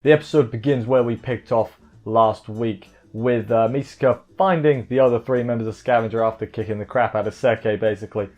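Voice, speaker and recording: A man recapping an anime episode in casual chat, joking and rambling with quick asides. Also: mid-range voice, fairly even intonation, darkish tone, highs cut off, soft background music. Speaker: anime reviewer.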